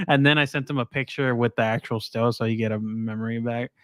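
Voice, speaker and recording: A man of middle pitch chats loosely about a movie, swearing freely and trailing off mid-thought. His voice sits close and dry on the mic. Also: level tone, normal speed, no room sound. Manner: crude, swears a lot, loose. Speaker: podcast guest. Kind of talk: casual film review chat.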